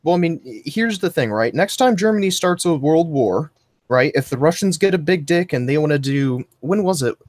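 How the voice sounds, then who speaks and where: A man's voice: on the high side, expressive, moderate pace, darkish tone, no room sound, clean studio sound. A man on a casual political talk stream, rambling crudely and swearing often.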